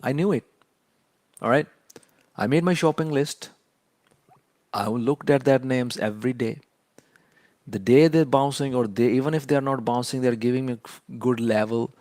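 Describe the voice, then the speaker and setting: A man teaching a trading lesson in a mid-pitched voice. He lectures emphatically and hammers his points home by repeating them. The sound is dry and close, with no room echo. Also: normal speed, long pauses, a little mellow. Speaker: trading educator.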